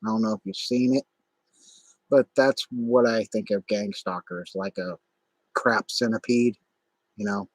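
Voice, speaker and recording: A middle-aged man rambling on a livestream, halting and irritable, with many restarts. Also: fairly low pitch, steady tone, no room sound. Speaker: livestream host. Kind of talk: casual livestream monologue.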